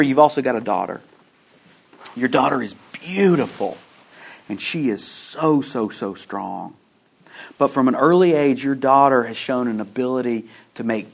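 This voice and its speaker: A man telling a slow, dramatic story in a sermon, often dropping to a hushed low voice at emotional points and repeating his words as he builds toward a question. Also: lively intonation, vocal fry. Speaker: preacher. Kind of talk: sermon illustration.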